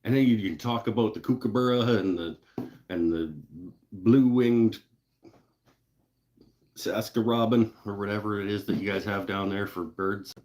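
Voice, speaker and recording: A man's voice: on the low side, fairly even intonation, a little fast, few pauses, a little mellow, slight background noise. A man hosting a woodworking live show, chatting in a rambling, laid-back way with casual swearing. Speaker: woodworking channel host. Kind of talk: casual live-stream chat.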